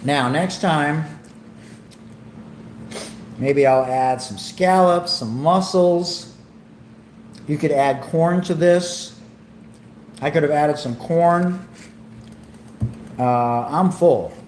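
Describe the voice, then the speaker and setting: Man, livestream host, slow relaxed rambling, enthusiastic about food, echoey room. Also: fairly high pitch, a little hiss or hum. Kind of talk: casual cooking and eating livestream. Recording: echoey room with faint ambience.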